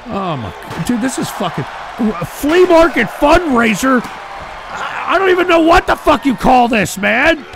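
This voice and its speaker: A man hosting a live stream, ranting in a profane, exasperated way and shouting often. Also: extremely high pitch, expressive, a little slow, noisy background. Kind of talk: live-stream commentary rant. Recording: stream with loud music and crowd behind.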